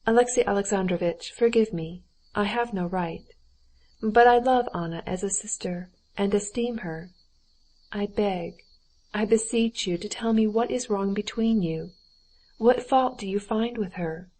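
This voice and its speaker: A woman's voice: medium pitch, unhurried, a little mellow, close to an everyday voice. A woman voicing a kind married woman who pleads for her friend in an earnest, imploring way. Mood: pleading.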